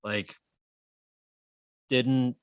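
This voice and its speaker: A man in his thirties co-hosting a comedy podcast, telling animated stories and swearing freely. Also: mid-range voice, very slow, clear, resonant tone, no echo. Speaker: podcast co-host. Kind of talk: casual comedic chat.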